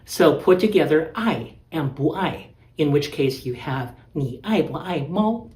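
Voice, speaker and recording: A man's voice: on the high side, animated, a little slow, a little mellow. A male language teacher giving a patient, methodical lecture and stressing key words. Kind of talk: explanatory lecture. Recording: echoey room.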